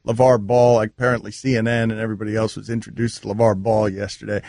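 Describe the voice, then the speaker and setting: A man's voice: lowish voice, level tone, creaky, a little mellow, no room sound. A man hosting a sports radio show, bantering and arguing with a laugh in his voice. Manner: quick, laughing, argumentative. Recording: dry studio mic.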